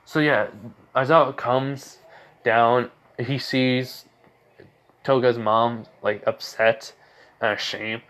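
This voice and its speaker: A man's voice: mid-range voice, fairly even intonation, slow, long pauses, a bit bright, clean tone. A man narrating an improvised fan story in a casual, rambling way, with many fillers and restarts.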